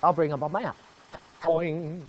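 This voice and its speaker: A man's voice: fairly high pitch, steady tone, a little slow, slight background noise. A man teaching a geography lesson to a class, asking questions, praising answers and repeating key points. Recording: dull lo-fi classroom recording.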